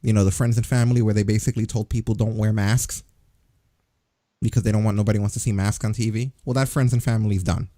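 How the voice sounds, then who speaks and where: A man's voice: lowish voice, fairly even intonation, fast, dark tone, no room sound, studio quality. Sarcastic, swearing male podcast host. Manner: sarcastic, profane ranting. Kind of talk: casual news chat.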